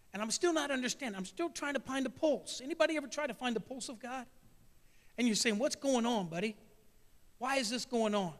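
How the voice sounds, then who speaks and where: A man from the American Midwest preaching a sermon in a church, folksy and emotional, talking straight to the congregation. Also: sits high. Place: church sanctuary. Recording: long echo of a church hall.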